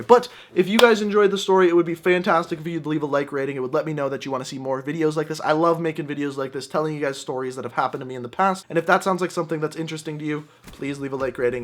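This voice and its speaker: Give me a young man with a fairly high voice, animated and jokey, doing storytime commentary. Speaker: gaming channel host. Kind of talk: storytime commentary over gameplay.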